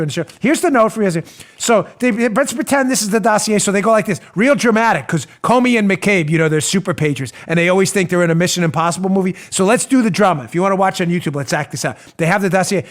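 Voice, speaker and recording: A man hosting a political talk show, delivering animated, sarcastic commentary and acting out mocking little scenes. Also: sits high.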